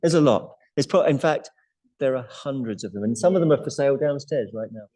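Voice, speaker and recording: A man's voice: medium pitch, expressive, a little fast, warm tone, low-quality recording. A man guiding a live yoga class in a studio, chatty and playful, laughing often. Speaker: yoga teacher.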